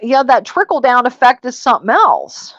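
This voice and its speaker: A woman's voice: fairly high pitch, sing-song, normal speed, a bit bright, no echo, dull audio. A woman hosting a casual panel chat, telling stories in a chatty, exasperated way. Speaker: host.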